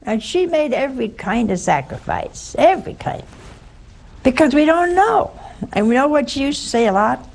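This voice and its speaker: A woman's voice: high voice, very animated, normal speed, gravelly, a little mellow, poor audio. An older woman, a religious sister, giving a spiritual talk full of personal stories and rhetorical questions to her listeners.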